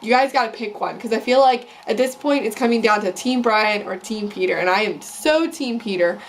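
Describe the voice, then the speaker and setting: Opinionated young woman ranting, high voice. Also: a little fast, slight background noise. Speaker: vlogger recapping a reality show. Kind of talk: casual chat.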